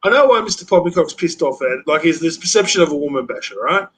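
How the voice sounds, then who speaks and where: A man's voice: a little high, expressive, quick pace, a bit bright, poor audio. A man hosting a casual live-stream chat, blunt and swearing, often breaking off and restarting.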